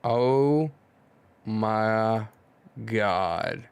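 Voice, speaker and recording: A man streaming a live manga reading, reacting out loud with excitement and musing as he reads. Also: lowish voice, very slow, smooth, dry recording. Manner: excitable, exclaims and muses aloud.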